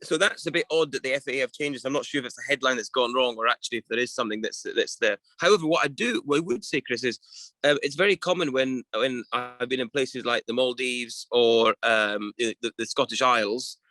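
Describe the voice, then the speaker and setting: A man's voice: mid-range voice, fairly quick, pushed and bright, dry recording, low-quality recording. A middle-aged man co-hosting a casual weekly chat show, thinking aloud with many restarts and fillers.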